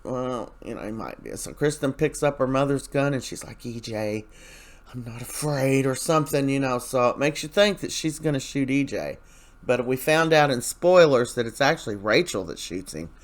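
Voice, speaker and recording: A man's voice: medium pitch, lively intonation, moderate pace. A man casually recapping a soap opera episode, chatty and rambling, with many fillers and lines quoted from the characters.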